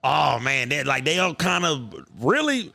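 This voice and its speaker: A man hosting a podcast, telling stories in an animated, profane way. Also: fairly high pitch, a little slow, vocal fry, no room sound. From United States. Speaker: podcast host. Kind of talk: casual podcast chat.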